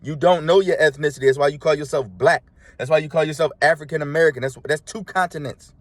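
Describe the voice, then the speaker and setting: Emphatic preaching man, fairly high voice. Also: fairly even intonation, quick pace, dry recording. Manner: preachy, emphatic, frequent "right?" check-ins; colloquial street-flavored speech. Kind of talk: sermon.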